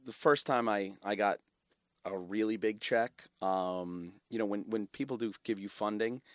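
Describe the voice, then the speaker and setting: A man, telling personal stories as a podcast guest, animated and full of fillers and restarts. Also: on the low side, moderate pace, no echo, clean studio sound. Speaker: guest, media company founder. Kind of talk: casual interview storytelling.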